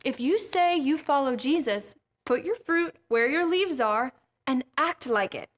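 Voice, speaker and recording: Female host for a kids Bible lesson, playful, jokey, with a high voice. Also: lively intonation, unhurried.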